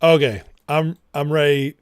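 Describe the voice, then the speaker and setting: A man's voice: on the high side, fairly even intonation, a little slow, smooth, no echo, clean studio sound. A man in his forties hosting a political livestream, speaking fervently and preachily and reading out chat comments.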